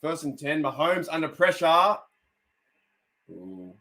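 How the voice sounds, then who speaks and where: His voice is on the high side with big swings in pitch, a slow pace and a sharp edge. He's a young Australian streamer reacting to a game, chatting and rambling with his audience and reading their comments out.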